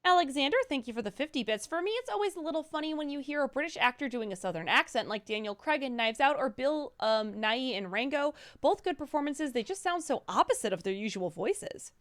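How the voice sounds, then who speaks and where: A woman with a high, bouncy voice reads out viewer donations on a live stream. She is brisk and upbeat and sometimes trips over hard names. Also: lively intonation, fairly bright tone. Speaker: co-host reading viewer donations. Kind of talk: reading out chat messages on a live stream.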